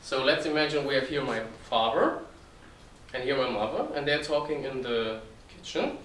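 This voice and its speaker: A man's voice: mid-range voice, animated, moderate pace, a bit bright, slight background noise. A man, giving an earnest informal talk to an audience and often restarting phrases. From Germany. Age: 20s. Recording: echoey room, distant mic, faint ambience.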